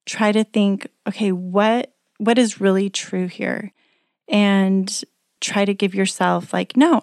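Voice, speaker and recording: A woman's voice: mid-range voice, darkish tone, no room sound, clean studio sound. A middle-aged woman, a single mother, talking earnestly in a chatty, coaching motivational talk. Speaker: self-help speaker.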